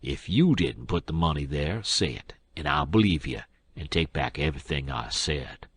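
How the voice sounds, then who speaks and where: A sly, drawling old con man, as a male reader puts him on. The voice sits very low and husky, and it turns sarcastic and pleading by turns. It is recorded close and dry. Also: animated, normal speed, no echo, heavily acted.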